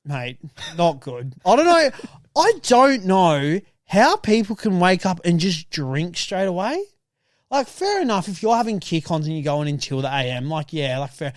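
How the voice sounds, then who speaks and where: A young Australian man co-hosts a casual podcast and throws himself into his anecdotes, acting out every quote. His voice sits high and swings widely. It is recorded close and dry. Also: moderate pace, no echo. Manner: excitable storyteller, acts out quotes. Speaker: podcast co-host. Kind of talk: casual chat.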